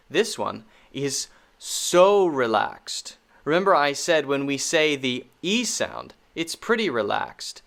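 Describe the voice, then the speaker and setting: A man teaching pronunciation, slowly repeating each sound in drills. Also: medium pitch, lively intonation, fairly bright tone. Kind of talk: pronunciation lesson.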